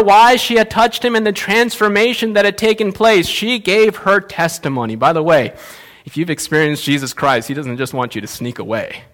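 A male pastor with a high voice preaches a sermon, telling a Bible story in an animated way and acting out its characters.

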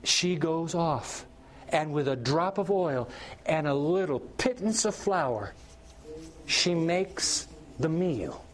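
A middle-aged pastor preaching a sermon, telling the story with animated delivery and acting out characters' lines. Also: male voice, fairly high pitch, slow pace.

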